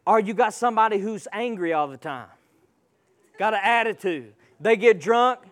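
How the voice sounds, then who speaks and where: A man's voice: high-pitched, animated, moderate pace. A man preaching a sermon, emphatic and calling out to the congregation.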